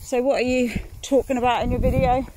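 A woman's voice: on the high side, steady tone, a little fast, very noisy. A woman chatting casually outdoors in the fields, grumbling and swearing freely as she walks. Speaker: mother vlogging a countryside walk. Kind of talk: casual outdoor vlog chat.

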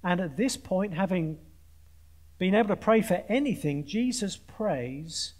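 Male preacher, high voice, earnest, pointed emphasis, dry humour, student audience. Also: animated, a little slow, darkish tone. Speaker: conference speaker preaching. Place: large conference hall with an audience.

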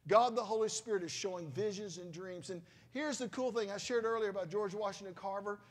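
A man's voice: high voice, fairly quick. A middle-aged man, a pastor, preaching a sermon in a conversational, emotional storytelling manner with exclamations.

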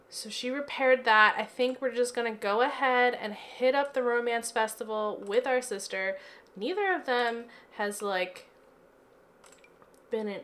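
Chatty, giggly woman with a higher voice. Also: a bit bright. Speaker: let's play gamer. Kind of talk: casual gameplay commentary. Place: home office.

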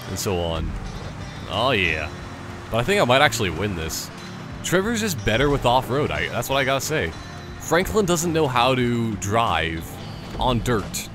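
A man's voice: medium pitch, sing-song, normal speed, over music. A man giving casual let's-play commentary, rambling and joking through tangents. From Canada. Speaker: gameplay commentator.

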